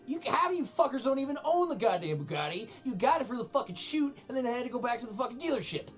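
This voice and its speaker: A man's voice: very high-pitched, very animated, fast, fairly bright tone, faint music behind. A man co-hosting a podcast in casual chat, ranting with heavy swearing and an incredulous tone. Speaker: podcast co-host.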